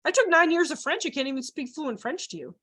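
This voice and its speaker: A young woman leading a child care training workshop, joking with the audience and acting out quoted voices in a lively way. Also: high-pitched, quick pace. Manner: animated, acts out quoted voices, jokes with the audience.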